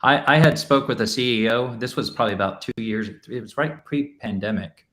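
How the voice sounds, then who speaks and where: Speaking fairly quickly in a mid-range, slightly bright voice, a man who is a restaurant tech executive talks conversationally during a panel discussion, dropping in lots of "you know" fillers.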